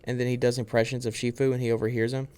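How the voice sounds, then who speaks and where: A young man co-hosting a casual movie podcast, rambling through a film's plot with fillers and quick quoted lines. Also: medium pitch, flat delivery, mellow, clean tone. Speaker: podcast co-host.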